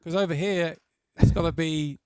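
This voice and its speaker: A man's voice: fairly high pitch, steady tone, normal speed, mellow, clear, resonant tone, dry recording, clean studio sound. A man from England, a musician guest, chatting casually on a video stream and often repeating words as he restarts sentences.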